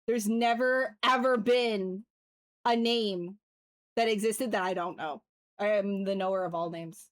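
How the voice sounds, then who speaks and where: A woman's voice: medium pitch, unhurried. A woman livestreaming as she sculpts, giving tips and chatting casually with viewers, jokey and swearing freely. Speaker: livestreamer sculpting digital art. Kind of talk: casual chat while demonstrating software.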